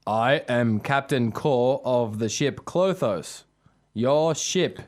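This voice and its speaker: A man acting as a fan playing a Klingon captain in a short classroom sketch, speaking stiffly and slowly in a voice that is not deep enough. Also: natural voice.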